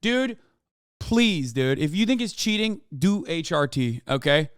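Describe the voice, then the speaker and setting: A man's voice: on the high side, big pitch swings, a little slow, clean tone, dry recording, studio quality. A man hosting a live stream, ranting heatedly and profanely about politics and mocking his critics. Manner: mocking and combative toward chat.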